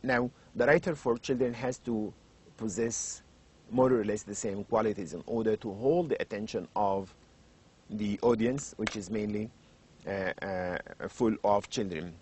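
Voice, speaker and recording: A middle-aged man with an Arabic accent, lecturing in English on children's literature, animated and fond of rhetorical questions, raising and lowering his voice for emphasis. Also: measured pace, husky. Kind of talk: university lecture.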